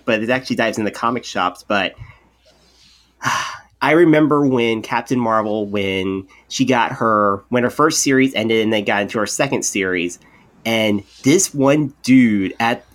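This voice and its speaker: Male podcast co-host, everyday mid voice, animated rambling storyteller. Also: mid-range voice. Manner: rambling, many restarts and repeated words; animated storyteller, acts out quoted people. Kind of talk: casual podcast chat.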